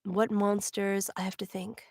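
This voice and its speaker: A woman's voice: medium pitch, level tone, a little slow, a little mellow, no room sound, studio quality. A woman voice actor chatting casually on a livestream, laughing often and filling her talk with "like". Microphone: own microphone.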